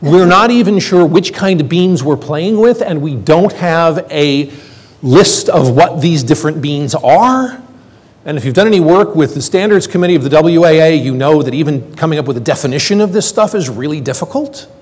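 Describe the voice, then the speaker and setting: An older man giving a lively conference talk, joking with the audience and acting out quoted lines. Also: fairly high pitch, normal speed, husky. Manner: quipping, plays out quoted voices. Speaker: conference speaker. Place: lecture hall. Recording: hall reverb from stage.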